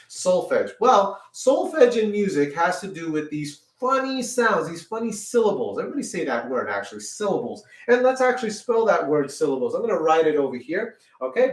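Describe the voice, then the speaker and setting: A man with a high speaking voice teaches a children's music lesson, checking in with "okay?" at every step. He sounds a little away from the mic in an echoey room, with a piano heard now and then. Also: recorded from a distance. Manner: encouraging, repeats "okay?" often.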